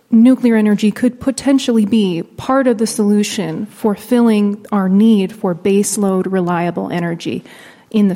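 A woman testifying for a utility company at a committee hearing, reading a measured prepared statement. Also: mid-range voice, warm tone, in a large hall. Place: legislative hearing room.

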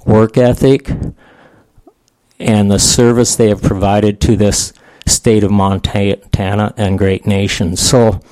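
Older man in his sixties, folksy veterans' advocate testifying, unhurried delivery, mellow dry sound. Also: lowish voice, level tone, no echo. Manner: folksy, plain-spoken. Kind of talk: committee hearing testimony.

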